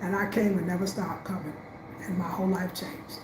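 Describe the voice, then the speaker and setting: A woman from Brooklyn with a New York accent telling her life story, emotional and animated, jumping between loud bursts and quiet asides. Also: on the low side, fairly quick, roomy sound, noisy background. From Brownsville, Brooklyn, New York.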